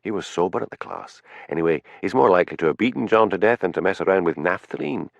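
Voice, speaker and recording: A man voices a patient village policeman. He asks dry, probing questions in a low, gravelly voice. It sounds close and dry, like a storybook reading. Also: lively intonation, fast talker, no room sound, dull audio.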